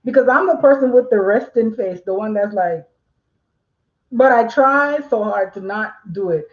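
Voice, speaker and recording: A woman's voice: fairly high pitch, lively intonation, normal speed, highs cut off. Chatty woman teaching on a live stream. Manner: chatty, laughs often, addresses viewers by name. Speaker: notary business instructor. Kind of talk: live-stream teaching while reading chat.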